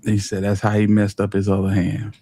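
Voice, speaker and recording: A man's voice: lowish voice, completely flat delivery, fairly quick, mellow, slight background noise. A man from Alabama, talking casually and wryly as a commentary host. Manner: wry, disbelieving, conversational.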